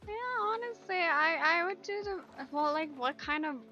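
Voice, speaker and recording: A woman putting on a squeaky, giddy girly voice that talks in a bubbly, hesitant way. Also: normal speed, bright, forceful tone, highs cut off, faint music behind.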